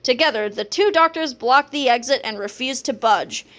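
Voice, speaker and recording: Woman reader, children's book, playful narration, slightly high voice. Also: moderate pace. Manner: playful, lively storytelling. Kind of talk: children's book read-aloud.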